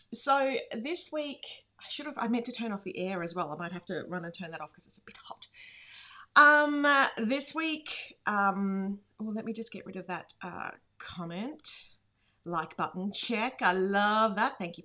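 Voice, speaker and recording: Hosting a casual livestream in a home room, this Australian woman is chatty and laughs a lot as she welcomes viewers by name. Her voice is fairly high, bright, and forceful.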